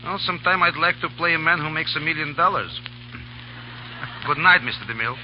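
A man's voice: a little high, lively intonation, normal speed. A man, an actor, joking playfully in broken English during comic radio banter. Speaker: actor, guest. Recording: muffled 1930s radio broadcast with hiss.

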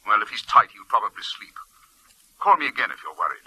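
A practical doctor, sharp-toned, animated, old radio play. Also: male voice, fairly low pitch, breathy edge, no echo, full character voice, poor audio. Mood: calm. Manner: brisk, reassuring. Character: brisk, practical family doctor. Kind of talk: 1940s radio acting.

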